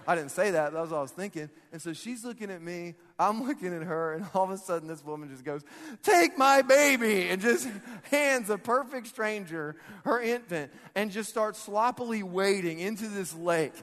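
A man's voice: sits high, a little fast, few pauses. A male pastor giving a casual, humorous sermon, joking and conversational, often laughing mid-sentence. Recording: long hall reverb in a large church.

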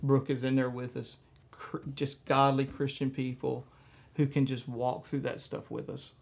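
A male pastor tells a personal story during a church message, speaking softly and haltingly with frequent fillers. His voice is medium-pitched, level in tone, and creaky.

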